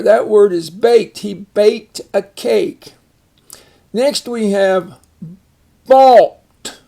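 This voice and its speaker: A man's voice: sits high, vocal fry, a little mellow. An older man teaching a phonics lesson, carefully sounding out words and giving example sentences. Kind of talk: reading lesson narration.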